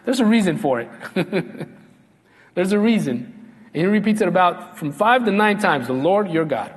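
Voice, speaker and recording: A man preaching a sermon as pastor, slowing down and dropping his voice low when he quotes God. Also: animated, in a large hall. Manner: slows down and drops low when quoting God.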